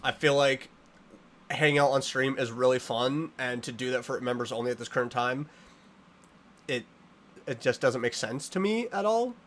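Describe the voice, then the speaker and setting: A man live-streaming a game, chatting with his viewers in an animated, playfully dramatic way. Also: mid-range voice, normal speed, long pauses, a little hiss or hum. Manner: animated, playfully dramatic, reading and answering chat.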